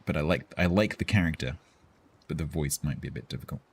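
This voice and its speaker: A man's voice: a bass voice, fast talker, a little hiss or hum. A man streaming live, chatting casually with his viewers about role-play characters in a rambling, self-interrupting way.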